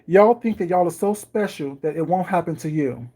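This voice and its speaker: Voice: medium pitch, normal speed, dark tone. A chatty livestream host talks casually to viewers from a home kitchen while something bakes. The delivery is wry and ironic, with viewers greeted by name along the way.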